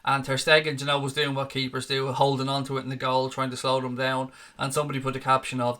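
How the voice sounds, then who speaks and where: A man's voice: medium pitch, fairly even intonation, fast, few pauses, pushed and bright. A man hosting a casual fan chat show, reading viewer comments with sarcastic, sweary jokes.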